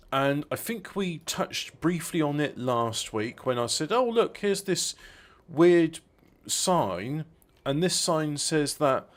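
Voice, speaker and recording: Rambling man, stop-start chat. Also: medium pitch. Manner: rambling, halting, with many restarts and fillers. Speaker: podcast co-host. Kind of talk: casual chat.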